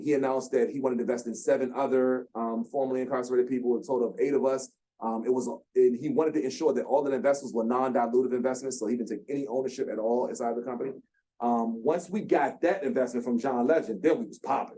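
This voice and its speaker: Animated man telling a founder story. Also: medium pitch. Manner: animated, acts out quotes with slang. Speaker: guest speaker, founder. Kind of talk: storytelling talk. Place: lecture room.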